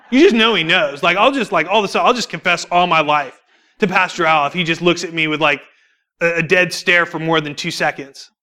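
A young adult man giving a church testimony, telling his story in an animated, informal way, laughing often and acting out what people said. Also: fairly high pitch, brisk. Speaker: church speaker sharing testimony. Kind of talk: sermon testimony.

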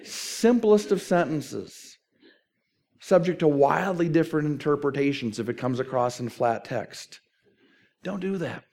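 Pastor, male, middle-aged, fairly high voice, talks to the congregation in a relaxed way and leans on emphasis. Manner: conversational preaching with emphatic repeated phrasing. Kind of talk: sermon.

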